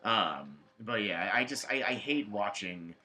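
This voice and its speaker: A man's voice: on the low side, animated, a little slow, pushed and bright. A man co-hosting a casual let's play, ranting and swearing as he coaches the player through a level. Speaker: co-host guiding the player.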